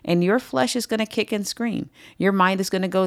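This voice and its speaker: A woman's voice: medium pitch, brisk, dry recording, clean studio sound. A woman leading a Bible study, teaching emphatically and repeating phrases for stress.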